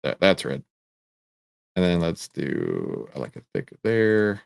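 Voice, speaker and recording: Low-voiced man answering viewer questions. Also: wildly swooping pitch, takes it slowly, gravelly, no room sound. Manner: conversational, repeats phrases, restarts often. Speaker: trading show host. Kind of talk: live Q&A with screen-share chart walkthrough.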